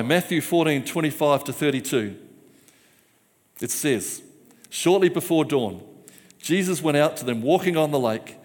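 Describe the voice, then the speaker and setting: A man preaching a sermon, rousing the congregation with repeated call-and-response phrases. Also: fairly high pitch. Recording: long church hall reverb.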